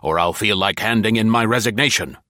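Man doing stern old admiral, gruff, emphatic, very low voice, dry sound. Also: brisk, sharp tone, dry recording. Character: stern older male naval admiral, gruff.

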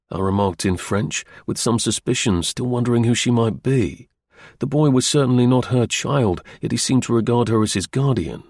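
A male audiobook narrator reading an old-fashioned tale in a measured, formal way. His mid-pitched voice is gravelly and a little husky. The recording is dry and close. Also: a little mellow, dry recording. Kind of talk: scripted narration of a period novel.

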